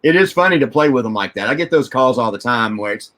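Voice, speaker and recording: A man's voice: medium pitch, animated, quick pace, a bit bright. A man hosting a casual chat, rambling and restarting as he asks questions. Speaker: host.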